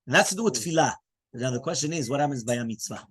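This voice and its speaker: A man, a rabbi, giving a lively Torah class in English mixed with Hebrew terms. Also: medium pitch, rapid-fire, husky. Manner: animated teaching, mixing English with Hebrew terms.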